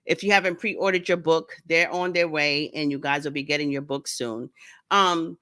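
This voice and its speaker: A woman's voice: low voice, moderate pace, a bit bright. Chatty woman hosting a home livestream. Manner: chatty, greets viewers by name, playful asides. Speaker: livestream host and author. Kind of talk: casual live-stream chat.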